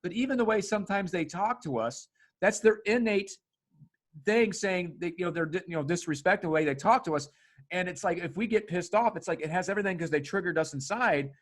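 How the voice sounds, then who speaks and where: A male podcast host talking in a casual, excitable way, swearing often and laughing. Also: sits high, brisk.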